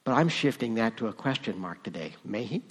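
A man's voice: on the low side, animated, a little fast, husky. Man preaching in a reverberant church. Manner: conversational preaching with rising emphasis. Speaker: pastor. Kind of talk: sermon.

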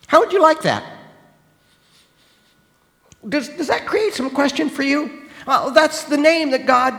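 A man's voice: extremely high pitch, a little slow, gravelly, long pauses, long reverb tail. A man preaching a sermon, talking straight to his listeners and asking them questions, often restarting his sentences. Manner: animated, questioning the listeners directly, frequent restarts.

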